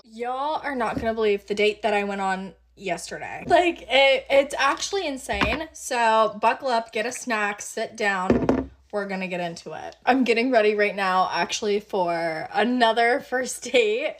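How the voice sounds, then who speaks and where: A woman's voice: a little high, measured pace. Chatty woman telling a wild story. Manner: chatty, animated, many "like" fillers. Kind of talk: casual storytime chat.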